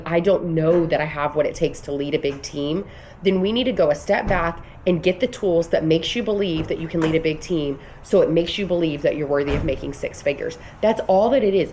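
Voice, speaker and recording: Woman in her thirties, casual vlog coach, earnest and rambling, slightly low pitch, faint room hiss behind. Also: darkish tone. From United States. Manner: earnest, emphatic, rambling with restarts. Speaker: vlogger and business coach. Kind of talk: casual motivational vlog talk.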